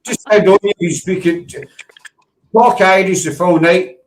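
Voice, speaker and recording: A man's voice: sits high, a little slow, low-quality recording. A man with a Scottish accent hosting a casual live-stream chat, teasing his guests. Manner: teasing, chatty. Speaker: host.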